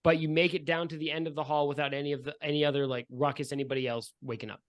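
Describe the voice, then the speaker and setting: A man's voice: fairly high pitch, flat delivery, very fast. A man narrating a tabletop game as game master, chatty and descriptive with many fillers.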